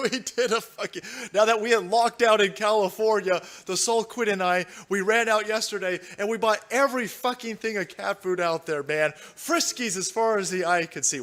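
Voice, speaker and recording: A man's voice: high-pitched, a bit bright. A man hosting a casual live-stream show from home, rambling loosely with crude jokes and frequent laughter. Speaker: livestream show host.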